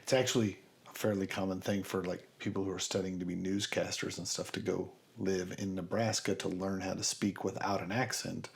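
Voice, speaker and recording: A man from north central Kansas co-hosting a podcast, explaining in a lively, joking manner. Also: low voice, brisk, creaky. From north central Kansas, USA. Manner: animated, explains with asides and jokes. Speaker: podcast co-host. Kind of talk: casual chat.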